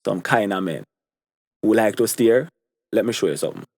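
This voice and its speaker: A man's voice: on the low side, expressive, normal speed, vocal fry, darkish tone, dry recording, clean studio sound. A young man with a Jamaican accent giving an opinion monologue to camera, repeating his points for stress. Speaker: commentary vlogger.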